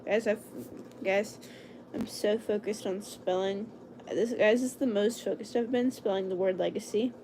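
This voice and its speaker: A young woman livestreaming from home at night, casually chatting to viewers as she draws lettering and talking herself through each step, sometimes in a hushed whisper. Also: medium pitch, fairly even intonation, normal speed, noisy background. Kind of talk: casual livestream chat while drawing.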